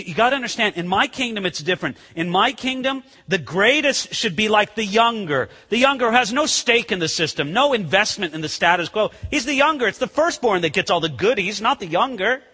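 Man doing imagined jesus, casual slang, bright voice, long hall echo. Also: high voice, husky, heavily acted. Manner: casual modern slang, exasperated. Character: imagined adult male Jesus scolding his followers in everyday speech.

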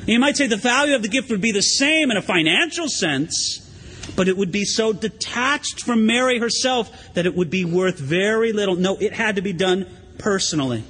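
High-voiced guy preaching, chatty and animated, big reverby church sound. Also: moderate pace, a little hiss or hum. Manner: animated, conversational preaching with acted asides. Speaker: pastor. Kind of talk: sermon. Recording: long hall reverb.

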